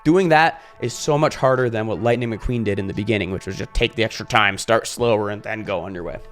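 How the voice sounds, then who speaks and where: A male YouTuber talking in a casual vlog monologue, animated, swearing freely and acting out little scenes. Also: on the low side, brisk, soft background music.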